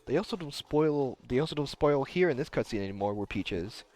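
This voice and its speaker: A man's voice: medium pitch, lively intonation, fairly quick, darkish tone, faint music behind. Chatty young man streaming a game. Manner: chatty, answers chat, reads dialogue aloud in voices. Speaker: streamer playing a video game. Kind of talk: casual live-stream commentary.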